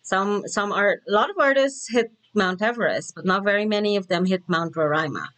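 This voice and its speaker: A woman's voice: mid-range voice, lively intonation, a little fast, fairly bright tone. A woman hosting a music reaction video, chatting casually, giggling and paraphrasing the lyrics with restarts. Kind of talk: casual commentary.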